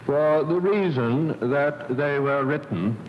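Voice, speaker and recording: A middle-aged man, a poet, giving a formal reading of his own poems in a measured, deliberate way on an old archival recording. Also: on the high side, slight background noise. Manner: slow, measured, deliberate delivery. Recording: dull lo-fi archival recording with long reverb.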